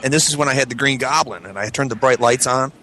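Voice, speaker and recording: Over crowd noise on a low-quality recording, a show regular tells a profane story at a fast clip in a medium-pitched voice. He's animated and performs other people's lines in a raised voice.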